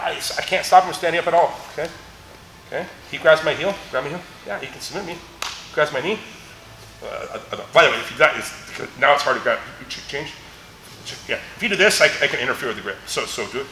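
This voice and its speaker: A man's voice: on the high side, sharp tone, slight background noise. A middle-aged man teaching a martial arts seminar, telling stories between moves, often laughing. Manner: joking storyteller, laughs often, demonstrates moves. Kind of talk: live teaching seminar with anecdotes. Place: large echoey training gym. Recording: echoey gym with faint ambience.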